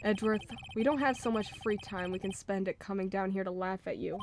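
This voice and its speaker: A woman's voice: medium pitch, fairly quick, noisy background, lightly acted. A woman voicing an earnest, plain-spoken young male defense attorney, close to her own voice. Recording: game music underneath.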